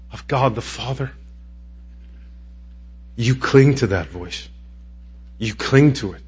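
A middle-aged man preaching a sermon as pastor, moving between quiet, intimate pleading and raised, emphatic declarations. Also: medium pitch, breathy edge. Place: church sanctuary.

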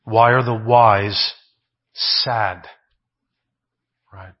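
A man's voice: lowish voice, steady tone, extremely slow, lo-fi sound. A man preaching a sermon, asking rhetorical questions, often adding "right?" and repeating phrases for emphasis.

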